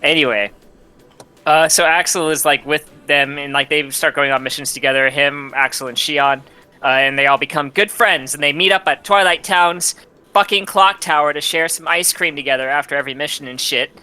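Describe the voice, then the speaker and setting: Rambling, foul-mouthed bright-voiced man. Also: a little high, moderate pace, clear, resonant tone. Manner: rambling, profane, laughing often. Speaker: host retelling a game's plot. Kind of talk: casual drunk chat.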